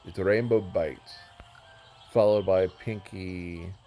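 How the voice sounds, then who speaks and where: Deep-voiced man rambling over gameplay. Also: steady tone, slow pace, music in the background. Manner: rambling, self-mocking, easily sidetracked. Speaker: gamer touring a build. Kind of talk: casual game commentary.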